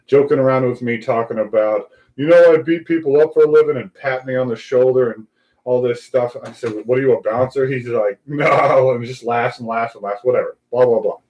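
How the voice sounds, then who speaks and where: Speaking briskly in a medium-pitched voice, this man hosts a casual live talk show and recounts a lengthy anecdote. He animates the story by performing the voices of its characters, captured in lo-fi sound.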